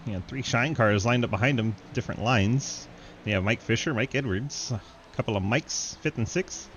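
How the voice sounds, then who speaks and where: A male commentator calls an online race live, quick with jokes and frequent laughter. His voice sits at an ordinary middle pitch and lifts when wrecks pile up. A faint hum runs under him. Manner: jokey, laughs often, excitable on wrecks. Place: home setup, online sim race broadcast.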